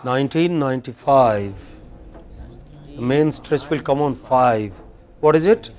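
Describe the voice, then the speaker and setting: A man teaching English pronunciation in a university classroom with an Indian English accent, correcting students and slowly repeating words for them to copy. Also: medium pitch, a little mellow.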